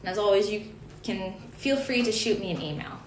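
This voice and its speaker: A woman's voice: mid-range voice, expressive, brisk, reverberant, a little hiss or hum. A woman giving an online lesson on chant notation, explaining patiently with fillers and small asides. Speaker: chant teacher.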